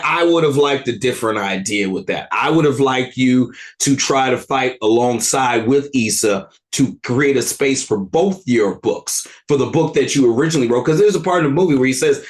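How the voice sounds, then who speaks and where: A man with a Northern California accent, talking emphatically and animatedly as a guest in a casual podcast chat. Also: mid-range voice.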